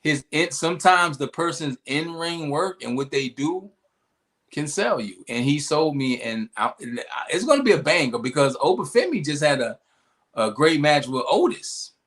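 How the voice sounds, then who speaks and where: A young man talks through the latest wrestling episode on a casual podcast. His voice sits a little higher than most men's. He tells it like a story, throwing in playful jokes along the way. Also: normal speed. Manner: lively storytelling, playful asides. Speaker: podcast co-host. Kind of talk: casual wrestling recap chat.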